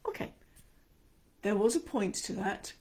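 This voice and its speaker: A woman's voice: medium pitch, animated, a little slow, a little mellow, breathy edge. An Australian woman teaching an online speaking lesson, talking expressively and acting out the inner voices she describes. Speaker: speaking coach.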